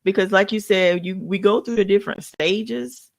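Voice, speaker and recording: A woman's voice: medium pitch, steady tone, moderate pace, vocal fry. A woman hosting a heartfelt talk about grief, emotional and at times close to crying. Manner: tearful, heartfelt, speaks openly about grief. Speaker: host. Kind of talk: emotional tribute conversation.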